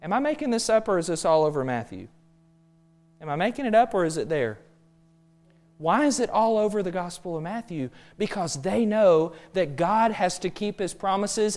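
A man's voice: sits high, darkish tone. A man preaching a sermon, emphatic and full of rhetorical questions.

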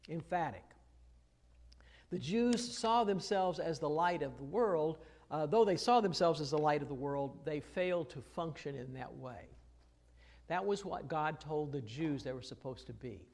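A man preaching a verse-by-verse sermon. His voice sits a little high, and he talks in an easy, conversational way, full of "uh" and restarts. Now and then he leans hard on a phrase for emphasis. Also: expressive, normal speed, a little mellow. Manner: conversational, many "uh" fillers and restarts; rises to emphatic stress on key phrases. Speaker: pastor. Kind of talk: expository sermon.

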